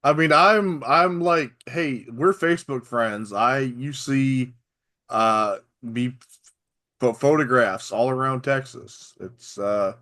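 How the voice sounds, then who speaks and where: A man with a softened South Arkansas accent co-hosts a relaxed podcast conversation. He talks at a middling pitch and explains things with care, and his sentences break off and restart now and then. The tone stays easygoing and chatty. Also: slow pace. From Arkansas, USA. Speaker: podcast co-host. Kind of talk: casual chat.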